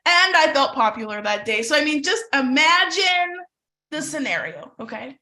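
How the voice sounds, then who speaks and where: A middle-aged woman from Canada telling a lively personal story in a webinar. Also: sits high, normal speed. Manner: animated storyteller who acts out voices. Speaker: webinar presenter.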